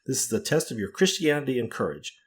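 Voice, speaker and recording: A man putting on a forceful, indignant middle-aged woman. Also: medium pitch, sing-song, quick pace, pitched above the performer's own voice, close to an everyday voice. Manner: insistent and forcible.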